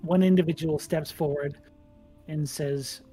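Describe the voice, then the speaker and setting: A man running a tabletop role-playing game as game master, describing scenes in an unhurried, detailed way. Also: on the high side, steady tone, dark tone, husky, faint music behind.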